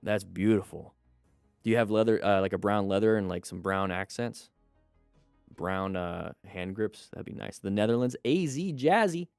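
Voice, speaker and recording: A man's voice: low voice, steady tone, normal speed, creaky, darkish tone, clear, resonant tone, dry recording, studio quality, faint music behind. A man hosting a casual live stream, chatting to viewers and greeting them as he reads their comments. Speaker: live stream host and riding instructor.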